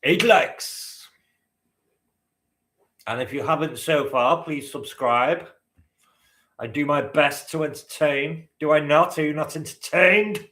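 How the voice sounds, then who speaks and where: With a fairly bright, higher-pitched voice, the man hosting this live-stream quiz talks slowly and pauses often. He trades banter with the chat, teasing and tossing out casual swears while his words echo around the room.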